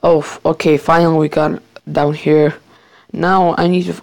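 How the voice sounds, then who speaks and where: A man giving casual commentary over a survival game match from his bedroom, excitable, swearing and jokingly boasting. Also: fairly high pitch, moderate pace, gravelly, dry recording. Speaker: gamer playing a survival match.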